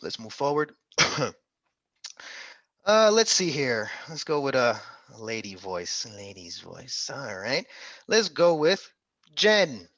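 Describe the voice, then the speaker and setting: A man's voice: medium pitch, big pitch swings, slow pace, pauses often, fairly bright tone, dry recording, highs cut off. A man tutoring an interactive online medical exam class, upbeat and coaxing, calling on students by name.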